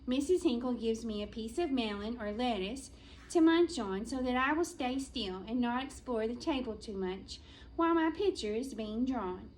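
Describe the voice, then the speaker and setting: A woman reading a children's chapter book aloud as a school librarian, in a gentle storytelling manner with playful drawn-out pauses, in an elementary school library. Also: fairly high pitch, a little hiss or hum, low-quality recording.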